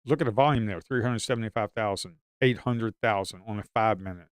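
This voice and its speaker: A man's voice: on the low side, brisk, clean tone, no echo, studio quality. A man giving live stock trading commentary in an emphatic, repetitive way.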